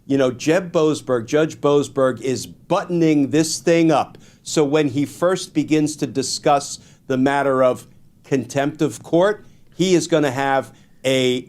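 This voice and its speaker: A man giving measured, explanatory legal commentary as a guest on a political talk show, stressing key points. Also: on the high side, a little mellow.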